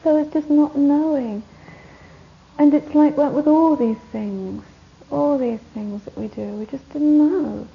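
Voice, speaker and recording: A woman's voice: sits high, measured pace, vocal fry. A woman teaching a Buddhist course, giving a rambling, anecdotal dharma talk to a retreat group and laughing often. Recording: dull lo-fi recording, faint hiss.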